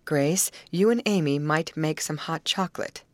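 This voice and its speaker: Practical young heroine, gentle but firm, low-pitched, dry sound, read by a woman. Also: moderate pace, no room sound, close to an everyday voice. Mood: urgent. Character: brisk, sensible young woman leader.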